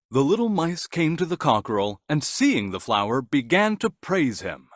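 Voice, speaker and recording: A man narrating a scripted children's bedtime story in an animated, gentle storytelling manner. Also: a little high, moderate pace, no room sound, studio quality.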